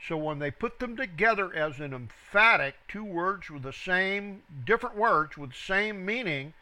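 A man teaching the Bible verse by verse, reading each phrase and then its reference number in a slow, deliberate way. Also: high voice, lively intonation, sharp tone. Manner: slow, reads each word then its reference number, stresses quoted words.

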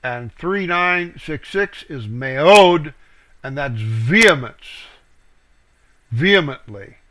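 A man teaching scripture verse by verse, reading each verse aloud with stress and then explaining it in a deliberate way with fillers. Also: fairly high pitch, expressive, fairly bright tone. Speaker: Bible teacher.

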